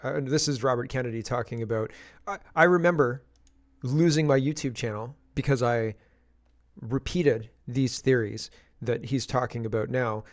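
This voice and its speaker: A man's voice: mid-range voice, moderate pace. A man from Canada hosting casual political commentary, chatty and skeptical, often restarting his sentences.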